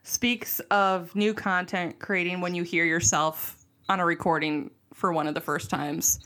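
A woman's voice: on the low side, fairly even intonation, a little slow, fairly bright tone. A woman from Wisconsin with a Midwestern Wisconsin accent, chatting casually on a podcast and poking fun at herself. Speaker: podcast guest. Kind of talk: casual chat.

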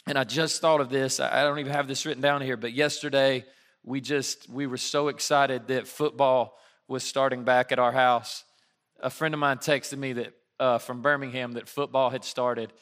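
A man from Alabama in his thirties, a pastor giving a sermon in a conversational, animated storytelling way. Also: mid-range voice, normal speed.

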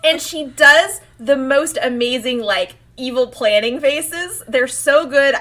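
A woman co-hosting a casual podcast chat, animated and laughing often as she acts out quotes. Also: high-pitched, takes it slowly. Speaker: podcast co-host. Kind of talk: casual chat comparing anime versions.

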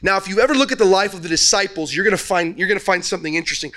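A man's voice: high voice, lively intonation, rapid-fire, sharp tone. A male pastor preaching a sermon in a loose storytelling way, asking the audience questions as he goes.

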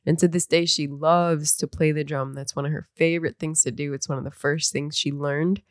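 A woman's voice: low-pitched, fairly even intonation, fairly quick, no room sound, clean studio sound. A young mother speaking earnestly and encouragingly about raising her baby with cultural traditions. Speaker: mother sharing parenting traditions. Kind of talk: reflective talk.

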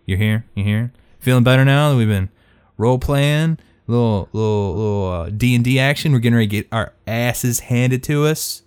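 Smooth-voiced joking podcast host. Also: male voice, medium pitch, moderate pace, darkish tone. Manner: joking, rambling, loose. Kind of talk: casual chat.

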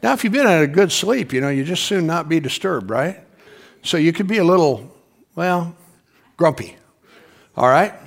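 A male pastor preaching in a relaxed, storytelling style with a fairly high voice. He keeps asking the congregation to answer back. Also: moderate pace, gravelly, pauses often. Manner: conversational storytelling, calls on the congregation to respond. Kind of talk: sermon.

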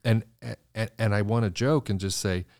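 A man, a designer guest in an interview, telling stories in an animated way and acting out the voices of people he quotes. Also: on the low side, normal speed, dry recording, clean studio sound. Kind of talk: conversational interview storytelling.

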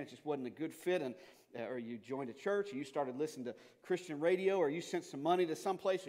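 A man preaching a sermon, telling stories and moving between quiet, hushed passages and loud, urgent ones. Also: medium pitch. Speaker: pastor. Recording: long hall reverb.

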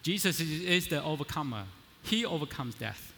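In a big hall with long, ringing reverb, a man preaches in a conversational style, often checking in with the congregation before rising to emphatic pronouncements. He sounds bright, forceful and a touch high, with vocal fry, lively intonation and an ordinary pace.

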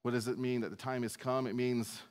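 A male pastor works through scripture in a sermon. He stays relaxed and conversational and slips in self-deprecating asides. His voice sits at an average pitch for a man. It rings out with a long reverb, as in a large church hall. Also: fairly quick. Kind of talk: sermon, verse-by-verse teaching.

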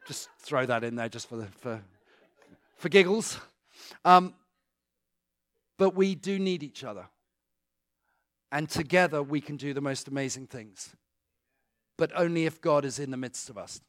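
A man's voice: fairly high pitch, measured pace, long pauses, a bit bright, dry recording, clean studio sound. A British man giving a joking, conversational church talk to a congregation and taking questions. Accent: British English. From Britain. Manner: chatty and joking, with asides to the audience. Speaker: guest speaker.

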